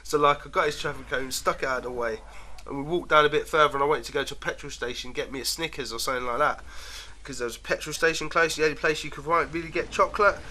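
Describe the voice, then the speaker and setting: A man's voice: on the high side, fairly even intonation, fast talker, pushed and bright, slight background noise. A man casually telling rambling stories to camera, laughing often and trailing off mid-sentence. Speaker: vlogger. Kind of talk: casual storytelling.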